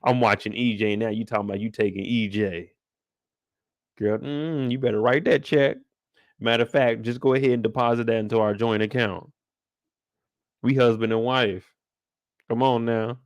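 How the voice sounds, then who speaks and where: A man's voice: on the low side, steady tone, moderate pace, long pauses, dry recording. A young man hosting a casual live after-show discussion. He talks in slang, jokes around, and speaks straight to the show's characters. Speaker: TV recap host.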